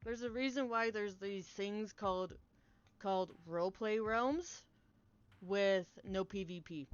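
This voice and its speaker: A woman's voice: medium pitch, measured pace, clear, resonant tone, dull audio. A young woman streamer chatting casually to her viewers, candid and rambling, often laughing and swearing. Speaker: game streamer.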